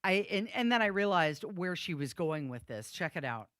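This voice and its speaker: A woman's voice: on the low side, sing-song, normal speed, a bit bright, dry recording. Chatty woman radio co-host, dry studio. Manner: chatty and amused. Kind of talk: casual talk radio chat. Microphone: studio microphone.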